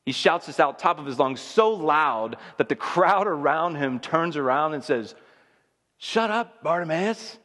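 A man's voice: fairly high pitch, animated, moderate pace, few pauses, a bit bright, big-room sound. A man preaching a sermon in a conversational, emphatic way, building intensity as he makes his points. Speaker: pastor.

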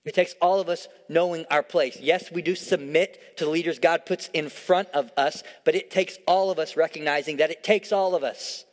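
A young adult man preaching a sermon in church, emphatic and repetitive, swinging between hushed storytelling and loud declarations. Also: a little high, steady tone, normal speed, hardly any pauses. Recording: long hall reverb.

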